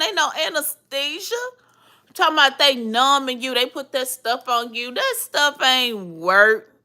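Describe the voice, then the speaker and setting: Slow-talking woman vlogger. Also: sits high. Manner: animated storytelling, laughs and squeals loudly; slangy, calls viewers y'all and cousin. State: swollen face after surgery. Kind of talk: casual chat to viewers.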